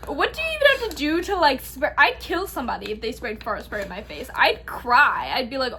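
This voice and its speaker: A young woman in casual chat reading confessions aloud, giggly and animated, swearing freely. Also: high-pitched, a little fast, few pauses, slight background noise.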